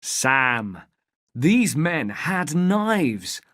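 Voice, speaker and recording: A storybook reader voicing a kind male police constable who speaks calmly and with concern, at a slow pace. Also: medium pitch, no room sound, clean studio sound, exaggerated voice.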